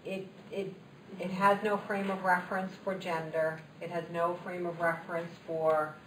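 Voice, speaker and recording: A woman's voice: lowish voice, little pitch movement, moderate pace. A woman speaking to a group in a reflective, explanatory way. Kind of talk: talk to a group. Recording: echoey room from far off, faint noise.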